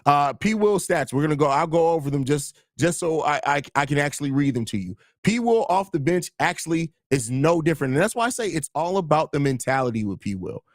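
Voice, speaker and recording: Man host, slightly high voice, dry close mic, casual live-stream talk answering chat. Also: big pitch swings, a little fast, hardly any pauses, dry recording. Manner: reads and answers chat comments, argues points with restarts. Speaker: host of a live sports show.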